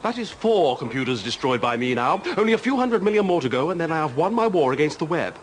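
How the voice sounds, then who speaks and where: A man doing a self-important hobby obsessive with a fussy English accent. His voice sits high and leaps all over the place as he lectures and rants. A faint hiss runs under the recording. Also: sing-song, fast. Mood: pompous. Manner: pompous, ranting. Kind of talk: sketch comedy acting.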